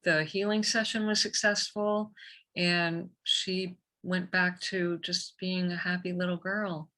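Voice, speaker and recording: A woman guest on a podcast, an energy healer telling a story in a lively, conversational way. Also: fairly low pitch, takes it slowly. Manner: animated, vivid storyteller.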